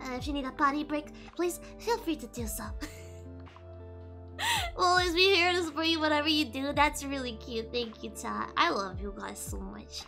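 A young woman streaming casually to her viewers, bubbly and giggly, often breaking into high squeals. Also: moderate pace, sharp tone, soft background music. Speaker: VTuber streamer.

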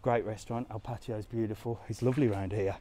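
A man's voice: fairly low pitch, steady tone, fast talker, dark tone, a little hiss or hum. A man live-streaming a walking tour of a resort town, chatting casually and answering comments as he goes. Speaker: travel vlogger on a live walk. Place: outdoors in a resort town streets and squares.

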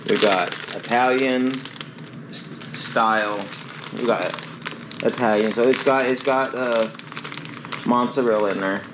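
A man's voice: medium pitch, a little slow, pauses often, noisy background. A man chatting casually to himself and viewers as he cooks. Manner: chatty, rambling, self-talk while cooking. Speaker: cooking ASMR host. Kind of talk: casual cooking chat.

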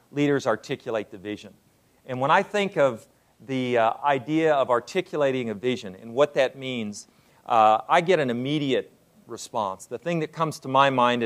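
Older man, university president speaking to a crowd, mid-range voice, slow with frequent fillers. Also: medium pitch. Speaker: university president giving a talk. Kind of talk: lecture to an audience.

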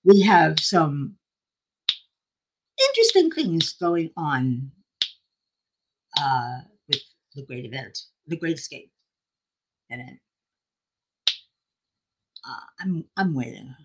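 A woman's voice: sits low, sing-song, takes it slowly, long pauses, background noise. An older woman hosting a casual craft livestream, chatting in a rambling, self-deprecating way and laughing often. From South Florida.

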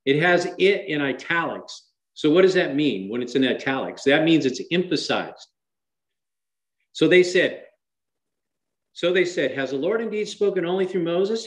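A man's voice: a little high, roomy sound, poor audio. A man teaching a Bible study in a conversational sermon style, often asking his listeners rhetorical questions and shifting emphasis dramatically.

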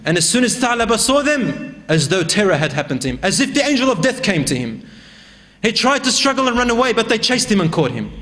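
A male preacher narrates a religious story with a high voice. His delivery is dramatic and emphatic, and he swings between raised passages and hushed ones. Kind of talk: storytelling sermon.

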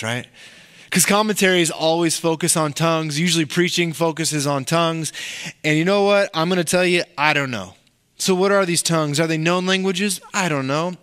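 Animated pastor preaching in church. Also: male voice, on the high side, clear, resonant tone. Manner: conversational, animated preaching with asides. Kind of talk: sermon.

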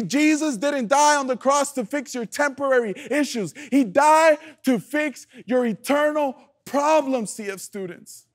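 A man preaching a youth sermon with passion, calling the room to repeat lines back to him and swinging from loud emphasis to hushed lows. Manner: passionate, call-and-response preaching. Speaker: youth pastor.

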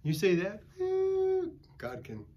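A man's voice: high-pitched, huge pitch swings, slow, mellow, dull audio. An older man preaching at a Bible study, a folksy pastor who tells stories and calls for amens from the group. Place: church.

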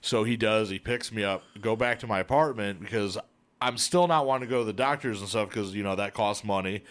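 A man's voice: lowish voice, a little fast. A man appearing as a podcast guest, rambling through a story in casual chat with fillers and swearing.

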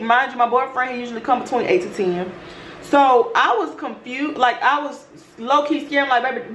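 A woman vlogger telling a story in a brash, profane, animated way. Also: a little high. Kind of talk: storytime chat. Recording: roomy room with faint noise.

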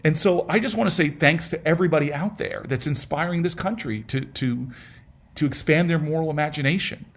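A man's voice: on the high side, fairly quick. A middle-aged man telling a personal story in a casual fireside chat, earnest and humorous, with frequent restarts and repeated words. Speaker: senator speaking as guest in a fireside chat.

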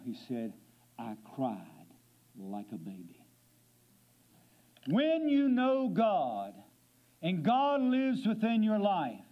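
A man preaching a sermon from a church pulpit, his voice sitting high for a man. He slows down on the scripture lines and drops into quiet, low passages for effect. The church recording sounds dull and muffled. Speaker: guest preacher. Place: church sanctuary.

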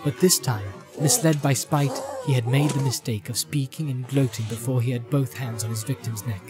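A man reading a fantasy story aloud in a measured, dramatic narration style. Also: mid-range voice, fairly even intonation. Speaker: audiobook narrator. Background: music.

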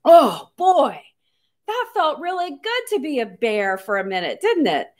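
Lady teaching little kids about animals, pitch bouncing all over, sweet coaxing tone. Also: normal speed. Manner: animated, sing-song, coaxing. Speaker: nature educator. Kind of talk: children's science lesson with live animals.

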